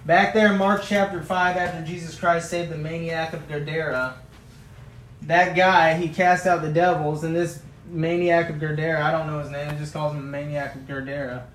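A man's voice: fairly high pitch, steady tone, moderate pace, fairly bright tone, echoey room, a little hiss or hum, low-quality recording. A male preacher giving a sermon, retelling a story in a folksy, vivid way and building to passionate emphasis.

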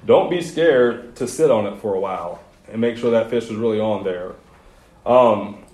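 Speaking in a lowish, slightly mellow voice, a male youth pastor preaches to a youth group. The sermon feels like a casual conversation, with personal stories and slangy asides, and the room has a noticeable echo.

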